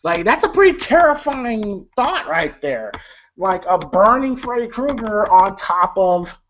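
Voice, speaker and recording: Very animated yet measured in pace, a man with a high, slightly bright voice recaps a movie casually. His loose delivery is full of fillers, swear words and chuckles, and the lo-fi audio has faint noise.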